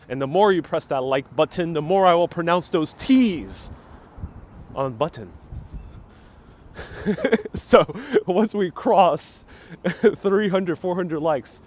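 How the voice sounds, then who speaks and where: A man hosting a live walking tour outdoors on city streets, joking with viewers and reading out their chat comments into a clip-on mic. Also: fairly high pitch. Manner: playful, jokey, reads out chat comments. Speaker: livestream walking tour host. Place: outdoors on city streets, then inside a small discount store. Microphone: wireless clip-on mic, phone on gimbal.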